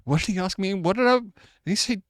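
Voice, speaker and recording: A man's voice: high-pitched, dry recording, studio quality. A man streaming, chatting and joking casually while reacting to videos. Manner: animated, joking, quick laughs.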